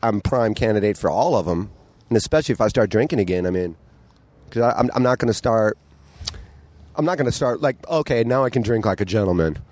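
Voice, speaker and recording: A man's voice: fairly low pitch, expressive, a little fast, a little mellow. A man guest in a casual chat, talking bluntly and candidly and swearing often. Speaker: podcast guest.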